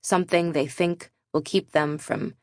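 Low-voiced woman reading her memoir. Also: steady tone, unhurried, darkish tone, dry recording, studio quality. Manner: earnest and candid, with self-deprecating humor. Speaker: author narrating her own audiobook. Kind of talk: scripted memoir narration.

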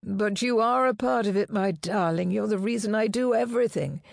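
A woman reading an audiobook, voicing a man, a fiancé who talks earnestly and turns shrill and snappish when challenged. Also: moderate pace, vocal fry, no echo, studio quality. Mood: earnest, indignant. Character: pompous, indignant fiancé, a man.

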